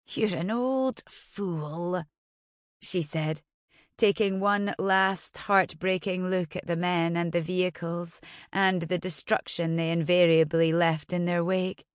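A woman reading a novel aloud as an audiobook narrator, in a measured, somber way. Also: lowish voice, smooth, no echo, clean studio sound. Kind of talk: scripted narration.

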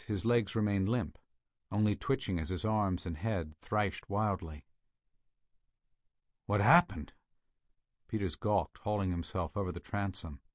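A man narrating a thriller audiobook in a steady, measured way, on a close studio mic. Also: on the low side, no echo.

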